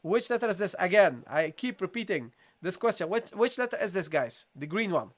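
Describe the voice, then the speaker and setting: In a sing-song voice that sits high, a man conducts a live online recitation lesson, patiently going over questions with viewers again and modelling the sounds slowly.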